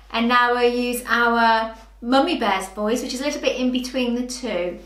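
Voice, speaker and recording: A woman teaching young children phonics, sounding words out slowly with gentle encouragement. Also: a little high, fairly even intonation, echoey room. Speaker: early years teacher. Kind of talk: slow, clear children's lesson.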